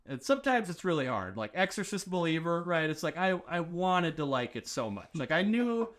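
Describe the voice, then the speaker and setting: A man in casual podcast chat, animated, acting out quoted dialogue and filling with "like". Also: a little high, moderate pace. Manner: heavy use of filler "like".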